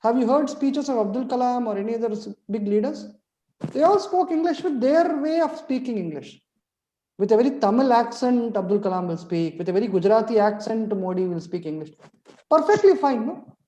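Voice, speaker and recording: A man's voice: very high-pitched, lively intonation, brisk, dark tone, reverberant, poor audio. A middle-aged man giving a motivational webinar lecture as a trainer. He asks rhetorical questions and keeps checking in with "right?".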